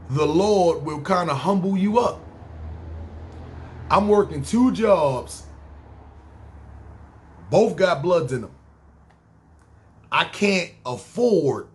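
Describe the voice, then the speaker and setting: A man with a New York accent telling his own story casually on a podcast, slangy and animated. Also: fairly high pitch. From New York City.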